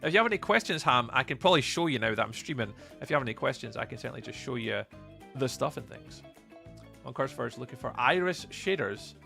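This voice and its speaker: A Scottish man hosts a live game stream with a bright, edgy voice and a good deal of vocal fry. He chats easily with his viewers, greeting them by name and reading their messages aloud, while his pitch swings freely up and down. Faint music plays behind him. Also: expressive, quick pace. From Scotland. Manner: chatty, greets and thanks chat by name, reads messages aloud.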